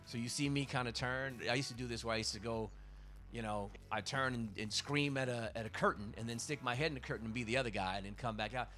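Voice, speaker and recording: A man's voice: mid-range voice, fast, sharp tone. Profane, emphatic male comic. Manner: profane, emphatic, rambling with restarts. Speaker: comedian hosting a livestream. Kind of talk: casual monologue.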